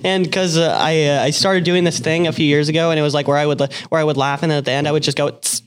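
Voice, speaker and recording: A teenage boy co-hosting a casual podcast, joking around and quick-talking. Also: a little high, fairly even intonation. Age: teens. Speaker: podcast co-host. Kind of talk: casual chat.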